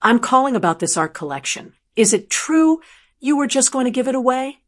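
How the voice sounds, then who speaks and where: A pushy newspaper reporter fires off quick, sharp questions, voiced by a woman reading the story. His voice is clipped and insistent. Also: high-pitched, very animated, pitched above the performer's own voice. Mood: pressing.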